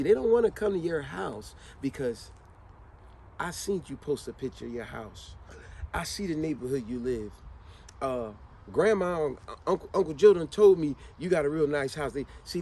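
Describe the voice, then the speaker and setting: A man's voice: sits high, darkish tone. Man, casual motivational rant, faint vehicle noise behind. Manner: conversational, emphatic, repeats questions to the listener. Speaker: motivational speaker. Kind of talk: motivational monologue.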